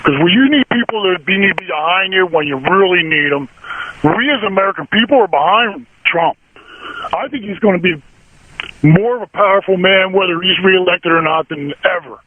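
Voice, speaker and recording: A man's voice: high voice, moderate pace. A man in his sixties calling in to a talk radio show, indignant and blunt, firing off short repeated questions. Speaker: caller. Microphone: telephone. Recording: tinny phone line.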